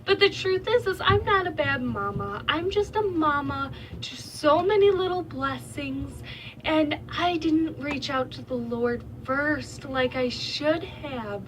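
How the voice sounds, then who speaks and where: A woman's voice: high-pitched, lively intonation, takes it slowly, a bit bright. A young mother of five sharing a heartfelt, faith-filled vlog from her bedroom, talking earnestly and with emotion. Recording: voice slightly distant from mic.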